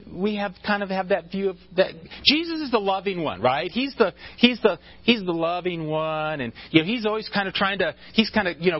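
A high-pitched male pastor preaches conversationally on a recording with the highs cut off. He often restarts phrases and drifts into asides while joking with his congregation.

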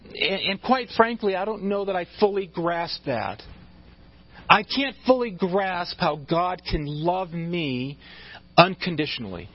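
Guy preaching, kinda high voice, chatty and stop-start, dull lo-fi church recording. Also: expressive, a little slow, husky. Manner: conversational, with frequent restarts and asides; joking with the congregation. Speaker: pastor. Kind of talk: sermon.

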